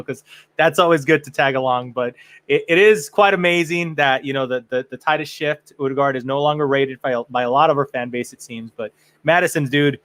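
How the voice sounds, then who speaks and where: A man hosting a podcast in casual chat, excitable and quick to swear, with many restarts. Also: mid-range voice, no echo. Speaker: podcast host.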